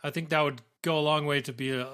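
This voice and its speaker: A man with a slightly raised pitch and a bright tone rattles off ideas in long run-on sentences. It is casual podcast banter and he laughs easily. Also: steady tone, quick pace, smooth. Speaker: podcast co-host. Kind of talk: casual gaming podcast chat.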